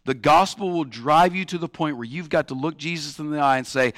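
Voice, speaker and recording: An impassioned male preacher delivers a sermon, drawing out key words and mocking the voices of doubters. His voice sits a little high and rings bright and forceful. The sound is dry, with little room echo. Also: a little fast, hardly any pauses. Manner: acts out quoted critics in a mocking tone. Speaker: pastor.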